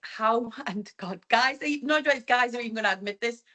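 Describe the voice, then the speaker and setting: A woman's voice: fairly high pitch, normal speed, pushed and bright. A woman angling coach and guest in a casual group chat, giving her opinions emphatically.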